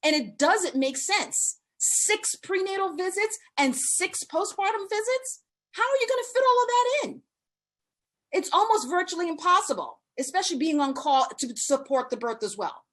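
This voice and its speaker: Brief: high-pitched woman, fiery and indignant, testifying remotely at a public hearing. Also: animated, normal speed, a bit bright. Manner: impassioned, indignant. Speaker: hospital doula testifying at a hearing. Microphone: remote video call.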